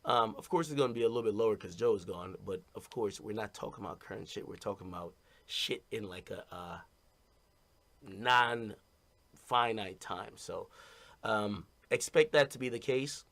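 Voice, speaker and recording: A man's voice: on the low side, normal speed, creaky, fairly bright tone. Blunt rambling man streaming to fans. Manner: blunt, rambling, repeats "you know what I mean". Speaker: streamer talking to his audience. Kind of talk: casual stream monologue.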